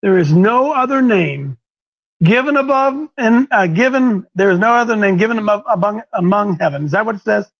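A man's voice: sits high, a little fast, few pauses, fairly bright tone, dull audio. A man hosting and preaching to a small live group, fiery and emphatic, repeating key words for force. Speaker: show host and preacher.

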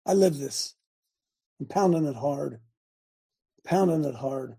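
A man hosting an online talk as a coach, preaching loudly, repeating himself and shouting at times. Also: fairly high pitch, slow, gravelly, long pauses, slightly rough. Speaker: host and coach.

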